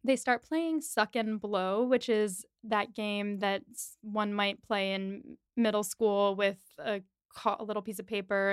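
Recapping a film scene by scene, this podcast co-host performs the characters' voices and laughs often in an animated, casual retelling. She has a clear, resonant, medium-pitched voice, recorded cleanly in a studio with no echo.

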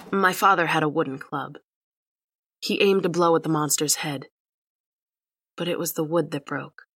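A woman's voice: sits low, a bit bright, breathy edge. A woman narrating a horror story in the first person, with a tense, dramatic reading. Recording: music behind the voice.

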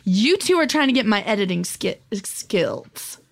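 A woman's voice: medium pitch, big pitch swings, measured pace, creaky. A woman comedian riffing on a comedy podcast, playfully mock-angry and over the top. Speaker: comedian guest. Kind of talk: improvised comedy podcast banter.

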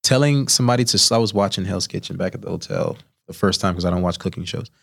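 A young man, a chef, tells stories in a podcast studio in a lowish voice, with plenty of animation and a habit of acting out the people he quotes. His studio microphone keeps the sound close and clear. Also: fast. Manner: animated storyteller who acts out quoted voices. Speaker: chef guest. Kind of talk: storytelling in a podcast interview.

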